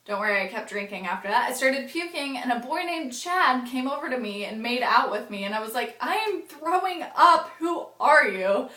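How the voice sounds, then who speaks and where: A young woman with a fairly high voice rambles through a casual vlog story, dropping "like" every few words and swearing freely. The recording has a noticeable roomy echo, as if she is talking in a bare room. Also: expressive, fairly quick, few pauses, sharp tone. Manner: rambling, frequent "like" fillers and swearing. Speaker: vlogger. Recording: echoey room.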